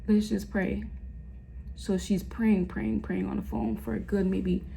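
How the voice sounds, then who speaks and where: A woman vlogger telling an emotional story time at home, halting and repeating herself as her voice rises and falls with feeling. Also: mid-range voice, little pitch movement, creaky, mellow, a little hiss or hum, rough recording.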